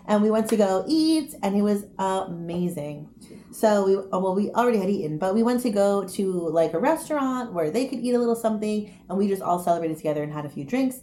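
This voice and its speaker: A young woman telling a story casually to camera, chatty and animated, with quick asides. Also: fairly high pitch. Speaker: vlogger. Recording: echoey room, faint noise.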